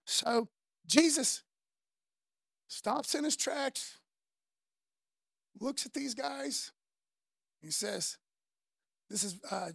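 A woman preaching a casual sermon, slangy and conversational, telling the story in an animated way. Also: a little high, creaky, breathy edge, dry recording, studio quality.

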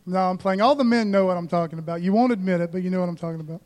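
A man's voice: sits high, very fast, a little mellow. A man preaching a sermon as pastor, conversational and joking, calling out to the congregation.

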